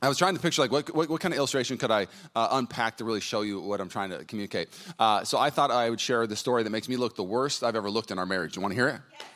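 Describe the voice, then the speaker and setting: Fast-talking male pastor telling stories. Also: mid-range voice, a bit bright. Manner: chatty, storytelling, many fillers and restarts. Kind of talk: sermon. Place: church hall before a congregation.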